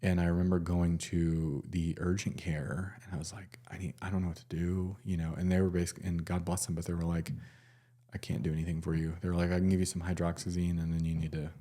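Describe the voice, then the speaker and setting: Young guy with a deep voice, kinda mellow, rambling through a story with lots of "like". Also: flat delivery. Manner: halting, many fillers and restarts. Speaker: nurse. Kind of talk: casual personal storytelling.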